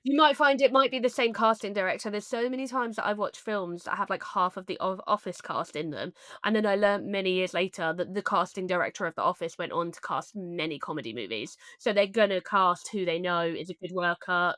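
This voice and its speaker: Bright-voiced woman podcast co-host, blunt and sweary, dry close sound. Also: lowish voice, fairly quick, hardly any pauses, no echo. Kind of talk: casual chat.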